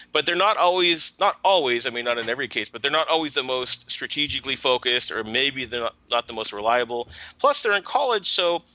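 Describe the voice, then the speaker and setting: A man's voice: mid-range voice, bright, forceful tone, low-quality recording. A man, a marketing teacher, speaking as a guest on a podcast and explaining his ideas in a casual, thoughtful way, often checking in with "right?".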